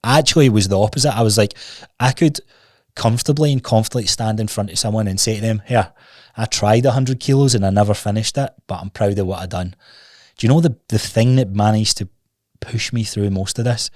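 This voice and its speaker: Candid low-voiced man telling a story. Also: a little fast, a little mellow, no echo, clean studio sound. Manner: candid, rambling, restarts often, swears casually. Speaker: podcast host. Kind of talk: solo podcast storytelling. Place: recording studio.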